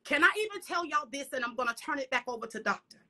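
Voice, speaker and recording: High, bright-voiced fervent woman preacher. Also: animated, fast. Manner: breathy whispered asides, repeated "come on" and "hallelujah". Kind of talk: fervent sermon with prayer.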